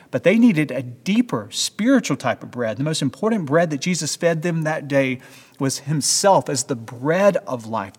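A man's voice: fairly high pitch, breathy edge, in a large hall. A man pastor preaching a sermon in an earnest, emphatic way, asking his listeners rhetorical questions.

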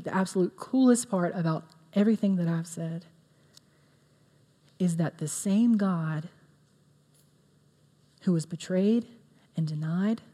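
A woman's voice: mid-range voice, warm tone. Earnest woman preaching in a reverberant hall. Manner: earnest, conversational with fillers. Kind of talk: sermon.

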